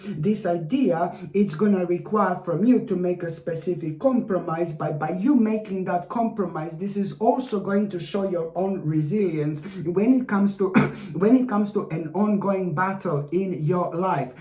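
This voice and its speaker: An effusive tarot reader talks straight to the viewer, circling back and repeating key points with fond, gushing emphasis. The voice sits at a middling pitch, and the room adds a noticeable echo around it. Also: a little slow, mellow. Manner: effusive, repetitive, addresses the viewer fondly. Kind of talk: weekly horoscope tarot reading to camera. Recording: roomy echo.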